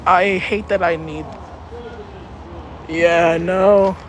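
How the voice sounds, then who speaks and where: Woman, rambling live-stream chat, swears a lot, outdoors on a street, clear traffic noise, echoey street. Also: lowish voice, steady tone, drawn-out words. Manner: rambling, chatty, swears freely. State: cold. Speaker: livestreamer.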